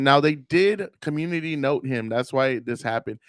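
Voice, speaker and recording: A man's voice: mid-range voice, moderate pace, smooth, no echo, studio quality. A man hosting a casual political rant, profane and rambling, often mocking the people he talks about. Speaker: political commentary host.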